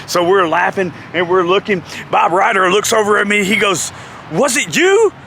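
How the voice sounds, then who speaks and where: A man vlogging outdoors beside a parking lot, telling a story in a lively, laughing way through a lapel mic. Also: sits high, normal speed, gravelly, a little hiss or hum. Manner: animated, laughs often. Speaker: vlogger, former pro wrestler. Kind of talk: casual storytelling.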